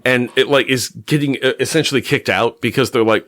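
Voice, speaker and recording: A man co-hosting a comic-book podcast, chatting casually with quick sarcastic jokes. His voice sits at an ordinary pitch. The recording is dry and close, with no room sound. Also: fairly bright tone, dry recording. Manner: sarcastic and jokey, with quick asides. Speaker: podcast co-host.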